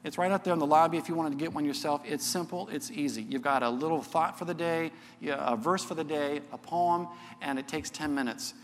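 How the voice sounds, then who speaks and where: A middle-aged man teaches a church crowd in an easy, earnest sermon, tossing in "okay?" as he makes each point. His voice sits a little high. It carries with a long reverb, as in a large church auditorium. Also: brisk.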